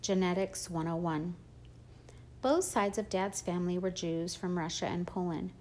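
A woman reading a first-person audiobook in a steady, plain storytelling manner. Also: lowish voice, moderate pace, a little hiss or hum. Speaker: audiobook narrator.

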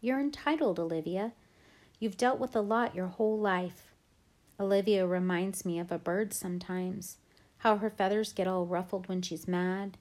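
A woman's voice: mid-range voice, darkish tone. A woman reading a first-person audiobook in a reflective, earnest storytelling manner. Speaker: audiobook narrator.

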